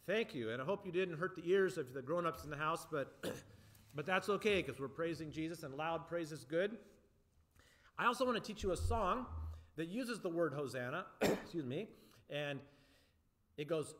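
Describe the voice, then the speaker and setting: A man with a notably high voice gives a children's sermon, speaking straight to young kids at home. He keeps things bright and animated, using simple words and an encouraging, playful tone. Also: brisk. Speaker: church children's message leader.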